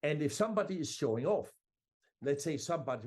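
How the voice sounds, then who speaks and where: A man's voice: on the high side, quick pace. A man who speaks as a gives an online sales training talk. He coaches his listeners directly and with energy. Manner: energetic, coaching, uses "amigos". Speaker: conference speaker.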